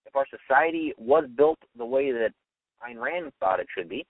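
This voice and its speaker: A man's voice: mid-range voice, animated, moderate pace, no room sound, recorded from a distance. A young man giving an opinionated solo monologue as a radio host, arguing his point and acting out quoted voices. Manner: argumentative, acts out quoted voices. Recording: tinny phone-line sound from off-mic.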